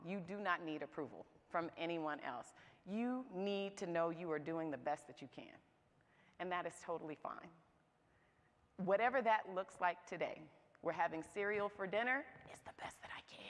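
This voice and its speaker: A woman's voice: lowish voice, fairly bright tone, long reverb tail. A woman speaking to a live audience at a moms' event, candid, humorous and conversational. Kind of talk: motivational talk to a live audience. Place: church event hall.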